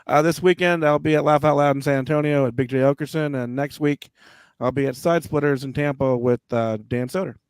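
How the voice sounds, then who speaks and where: A man's voice: fairly high pitch, steady tone, a little fast, smooth, dry recording. A man, a guest comedian, chiming in with short, laid-back remarks in a casual chat.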